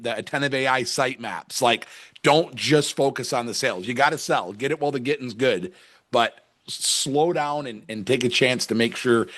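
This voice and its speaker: A man's voice: mid-range voice, fairly bright tone. A man who works as a business coach, speaking on a panel with energy and repeating points for emphasis. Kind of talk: casual panel discussion.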